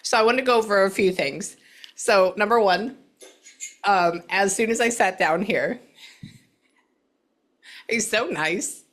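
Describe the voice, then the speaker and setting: A woman's voice: medium pitch, measured pace, long pauses. A woman working as a psychic medium, talking a client through a reading in a chatty, rambling way over a video call. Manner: chatty, rambling, swears casually.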